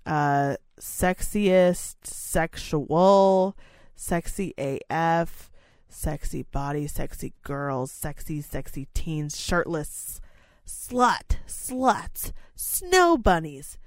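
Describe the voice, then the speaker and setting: A woman in loose podcast banter, crude and quick to giggle. She talks slowly in a lowish voice, close to the mic in a dry, dead room. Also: no room sound. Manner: crude, giggly, reads lists flatly. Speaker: podcast co-host.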